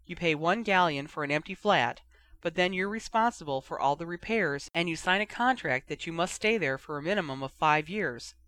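A man voicing a calm young mother. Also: fairly high pitch, normal speed. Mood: matter-of-fact. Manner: calm, matter-of-fact.

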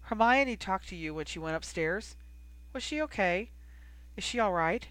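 Grumbling protective young man in an audiobook, read by the narrator, dry close sound, mid pitch. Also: expressive, moderate pace, a bit bright, smooth, no room sound, natural voice. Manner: grumbling, short-tempered. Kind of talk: audiobook character reading.

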